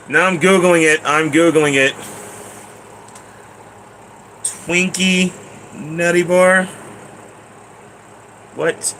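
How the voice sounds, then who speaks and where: A man chatting casually on a live stream, rambling and excitable, often laughing. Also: a little high, drawn-out words, pauses often, a little hiss or hum, low-quality recording.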